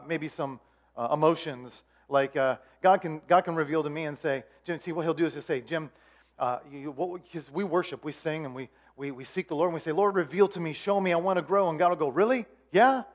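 A middle-aged man gives a relaxed, talky sermon. His voice sits a little high for a man. He slips into short acted exchanges, going quiet and soft for the quoted lines. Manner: conversational, acts out dialogue with God in hushed tones. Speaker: pastor.

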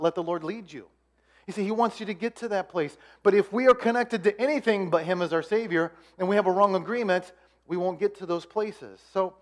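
A middle-aged man gives a relaxed, talky sermon. His voice sits a little high for a man. He slips into short acted exchanges, going quiet and soft for the quoted lines. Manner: conversational, acts out dialogue with God in hushed tones. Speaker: pastor.

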